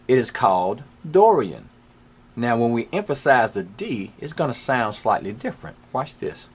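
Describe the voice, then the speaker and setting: A man's voice: medium pitch, big pitch swings, moderate pace. A man teaching a music lesson, patiently explaining scales step by step. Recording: faint piano playing behind.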